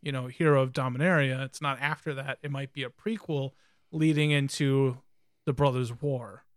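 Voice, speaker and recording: A man co-hosting a podcast, chatting casually and thinking aloud with many pauses and ums. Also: mid-range voice, steady tone, smooth, no room sound, clean studio sound. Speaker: podcast co-host. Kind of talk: casual chat about card games.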